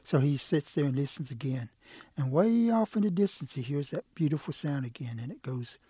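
A man telling a folk tale as a storyteller, relaxed and lively with fillers. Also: a little high, normal speed, background noise.

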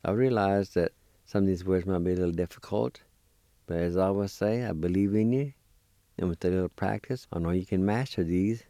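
A man teaching vocabulary, spelling and sounding out each word slowly and patiently, repeating it for learners. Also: deep voice, dark tone, dry recording, studio quality. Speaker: language teacher. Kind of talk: slow spelling and pronunciation drill.

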